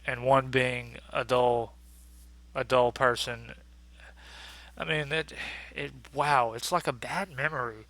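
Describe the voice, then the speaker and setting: Bright-voiced sarcastic man ranting. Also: mid-range voice, no room sound. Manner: crude, sarcastic, exasperated. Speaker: reviewer. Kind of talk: casual ranting review.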